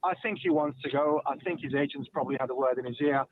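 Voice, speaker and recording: A man calling into a radio phone-in, speaking in a measured, matter-of-fact way. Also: mid-range voice. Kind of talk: call-in opinion. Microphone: telephone. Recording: phone line with faint household noise. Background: a toddler at home.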